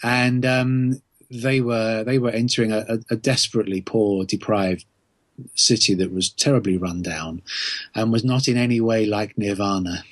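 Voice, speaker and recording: Man, middle-aged, podcast guest, measured, many ums, dry close recording. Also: fairly low pitch, steady tone, dry recording. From England. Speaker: author interviewed as guest. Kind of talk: podcast interview answers.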